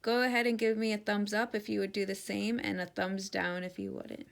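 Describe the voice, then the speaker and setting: A woman teacher giving an interactive children's read-aloud, speaking directly and warmly to the kids. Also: mid-range voice, flat delivery, fairly quick, gravelly.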